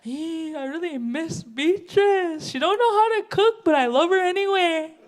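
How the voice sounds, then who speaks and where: A woman's voice: very high voice, animated, normal speed, voice pushed up. A woman doing stand-up while mimicking a whiny, lovesick man who was dumped.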